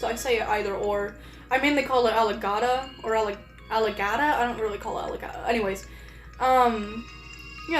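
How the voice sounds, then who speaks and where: Rambling streamer woman, echoey room. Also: fairly high pitch. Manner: rambling, many fillers and restarts. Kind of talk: casual live-stream chat.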